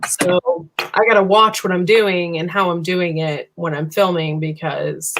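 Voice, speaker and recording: A woman's voice: on the low side, steady tone, a little slow, fairly bright tone, a little hiss or hum. A woman hosting a casual live-stream chat, talking. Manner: chatty, rambling, lots of fillers and 'you know'.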